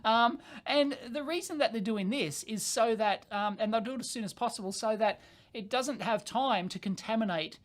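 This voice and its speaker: A man's voice: high voice, moderate pace. A man telling a story on a casual livestream. He rambles with lots of fillers and casual swearing. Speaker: channel host.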